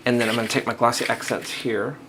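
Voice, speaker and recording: With a medium pitch and steady tone, the man speaks fast while running a step-by-step crafting tutorial. He's casual and thinks out loud, checking in with the viewer, with frequent "okays" and restarts, and background noise is audible throughout.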